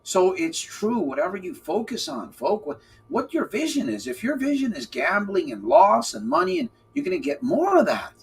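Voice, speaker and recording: A man hosting a live podcast as a recovery coach, talking casually to his chat in an animated, playful way and repeating phrases for emphasis. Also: sits high, normal speed, gravelly, slight background noise. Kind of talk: live-stream talk, answering chat.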